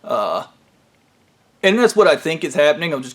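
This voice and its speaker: A man's voice: on the high side, expressive, moderate pace. A man telling a rambling, profane comedic story about his workplace in a conspiratorial tone.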